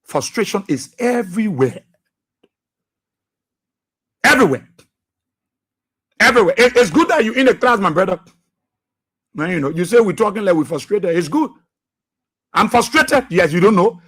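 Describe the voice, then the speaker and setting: A man with a Liberian accent hosting political talk radio, impassioned and repetitive, with a husky voice. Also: sits high, sing-song, normal speed, pauses often, fairly bright tone. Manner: repetitive, impassioned, laughing jabs at opponents. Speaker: radio station boss and talk show host.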